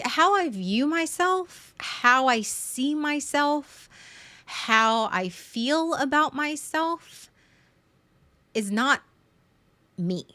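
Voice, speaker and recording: A woman hosting a livestream, talking frankly in a halting way with many fillers and restarts, and making fun of herself. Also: medium pitch, fairly bright tone, no echo. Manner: frank and self-deprecating. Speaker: livestream host. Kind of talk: candid casual livestream chat.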